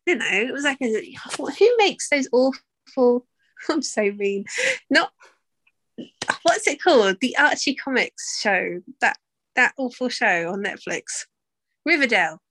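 A woman's voice: a little high, expressive, a little slow, pauses often, a bit bright. A woman co-hosting a podcast in casual chat, easygoing and trailing off as she hedges her opinions. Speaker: podcast co-host.

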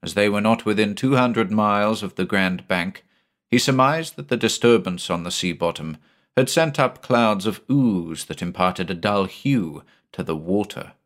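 Low-voiced man narrating a sea story. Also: normal speed, a bit bright. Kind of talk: scripted audiobook narration.

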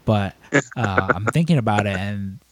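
The recording is dry as a podcast host with a fairly low voice tells stories at a normal pace in casual talk. Rambling and animated, he acts out others' lines in raised voices.

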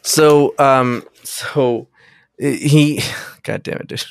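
A man's voice: medium pitch, takes it slowly, gravelly, smooth, dry recording, studio quality. A man co-hosting a podcast, rambling through a story in a casual chat, swearing a lot and calling everyone "dude.". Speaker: podcast co-host.

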